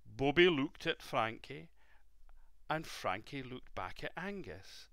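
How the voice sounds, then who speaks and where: Male storyteller for a child, slow and gentle, lively bright read. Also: mid-range voice, vocal fry, no echo, studio quality. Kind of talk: bedtime story reading.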